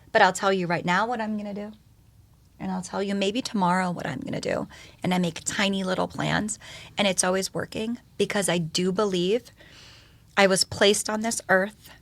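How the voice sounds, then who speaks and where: A woman talking as a podcast guest, telling her story in an animated, expressive way and swearing casually. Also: medium pitch, normal speed, vocal fry. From United States.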